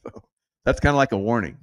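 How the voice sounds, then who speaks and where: A man hosting his own show with casual, rambling commentary, laughing often and drifting off point. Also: mid-range voice. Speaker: show host.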